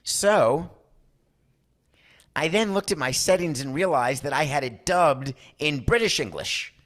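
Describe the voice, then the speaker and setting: A man's voice: on the high side, a little slow. A man hosting a sports talk podcast, giving opinionated monologues and acting out quoted voices. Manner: animated, acts out quoted voices. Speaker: podcast host.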